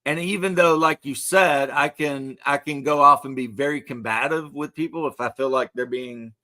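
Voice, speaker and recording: A man's voice: medium pitch, normal speed, sharp tone. Guy in his 30s, loose jokey banter on his stream, easygoing. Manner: loose, rambling, joking banter. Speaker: livestream host. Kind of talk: casual chat to stream viewers.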